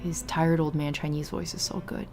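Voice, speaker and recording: A young woman casually chatting while streaming a video game. She talks in a chatty, easily distracted way, with bursts of excited exclamations. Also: sits low, moderate pace, creaky, music in the background. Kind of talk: casual live gameplay commentary.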